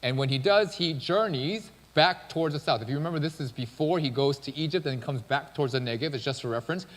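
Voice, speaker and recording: Casual preacher in a reverberant church. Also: male voice, on the high side, fast talker, fairly bright tone. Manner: casual, conversational storytelling. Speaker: pastor. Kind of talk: sermon. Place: church sanctuary. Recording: long church-hall reverb.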